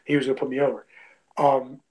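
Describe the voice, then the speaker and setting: A man's voice: mid-range voice, level tone, quick pace, a little mellow, low-quality recording. A young man telling a story in a loose, chatty way, peppering it with "like", "bro" and "you know what I mean". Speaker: guest, independent wrestler. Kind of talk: casual storytelling.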